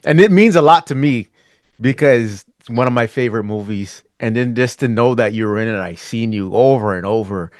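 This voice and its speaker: A man's voice: mid-range voice, brisk, a little mellow, dry recording, clean studio sound. A male podcast host, earnest and appreciative, reacting to his guest. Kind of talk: interview.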